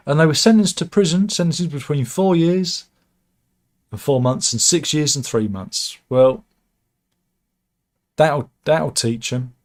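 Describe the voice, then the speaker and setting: A man's voice: a little high, unhurried, long pauses. A man from the UK, hosting a casual news chat, reading out headlines with wry, sarcastic asides and frequent restarts.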